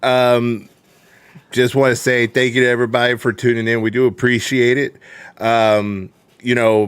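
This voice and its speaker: A man on a podcast giving plugs and loud wrestling-style trash talk in casual banter. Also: medium pitch, clear, resonant tone, no room sound. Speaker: podcast guest.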